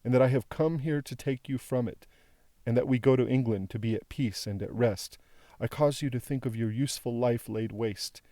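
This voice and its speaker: A man's voice: mid-range voice, moderate pace, dark tone, dry recording, clean studio sound, close to an everyday voice. A man voicing a tender, pleading young woman. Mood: imploring. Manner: tender and imploring.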